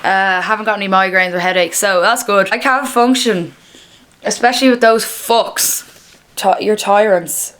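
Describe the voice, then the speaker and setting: A woman's voice: mid-range voice, measured pace, fairly bright tone, a little hiss or hum. A woman in her twenties, vlogging at home in casual, rambling chat with a candid manner and free swearing.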